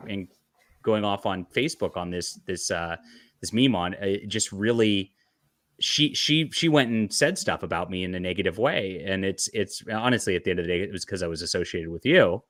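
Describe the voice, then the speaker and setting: A man with a lowish voice hosts a podcast and tells a casual story with animated energy, often breaking into laughter. The sound is dry and close, with no room around it. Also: moderate pace, no room sound. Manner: animated, laughs often while telling stories. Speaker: podcast host.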